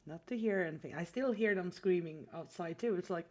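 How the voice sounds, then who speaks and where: A woman's voice: fairly low pitch, brisk, a little mellow. A woman from Sweden chatting casually on a livestream while she draws. She swears freely and laughs often. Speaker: streamer.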